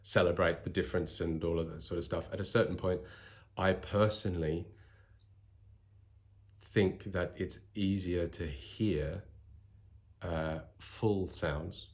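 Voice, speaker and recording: A man in his forties with a softened Australian accent, giving thoughtful, articulate interview answers. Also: low-pitched, unhurried, pauses often. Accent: Australian, softened by voice training. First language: English. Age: 40s. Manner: thoughtful, articulate, lively with restarts.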